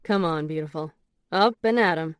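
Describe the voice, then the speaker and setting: A woman narrator voicing a confident, seductive adult man who speaks in a low, hushed murmur. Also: normal speed, smooth, no room sound, clean studio sound, natural voice. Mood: cheerful.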